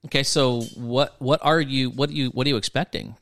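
A man co-hosting a casual faith podcast, explaining thoughtfully and asking gentle, probing counseling questions, at times poking fun at himself. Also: medium pitch, fairly even intonation, fairly quick, no echo.

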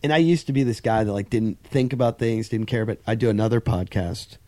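A middle-aged man with a lowish voice talks casually into a podcast mic. He tells an animated, profanity-laced story and acts out the other voices. The sound is close and dry, with no room echo. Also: fairly quick. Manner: swearing, animated storytelling with acted quotes. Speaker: podcast host. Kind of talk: casual chat.

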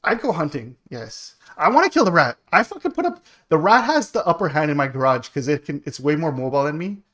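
A man on a podcast, telling a story in a casual chat with animated, profanity-heavy delivery. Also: a little high, fast talker. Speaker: podcast host.

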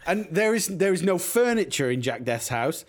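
A man's voice: high voice, sing-song, normal speed. A man casually recapping a film plot in a wry tone, with some swearing. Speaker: podcast co-host.

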